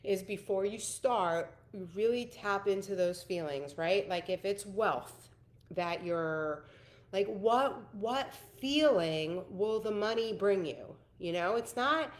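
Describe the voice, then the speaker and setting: A woman's voice: mid-range voice, animated, takes it slowly. A woman in her thirties hosting a casual coaching call, earnest and emphatic, laughing often. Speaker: host, spiritual coach.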